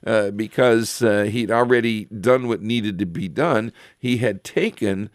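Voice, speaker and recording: Man, low voice, Bible teacher, unhurried explaining, lots of fillers, dry close sound. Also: no room sound. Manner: explanatory, reads scripture aloud, frequent filler pauses.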